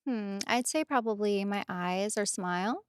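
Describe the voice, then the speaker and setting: Slow-talking woman co-host, smooth. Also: mid-range voice. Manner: agreeable, many short affirmations. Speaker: podcast co-host. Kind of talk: casual chat.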